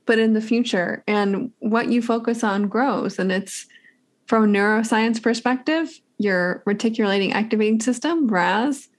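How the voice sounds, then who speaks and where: A woman hosting a podcast, thanking her guest in an effusive, gushing way. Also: fairly high pitch. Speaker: podcast host. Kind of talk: casual interview chat.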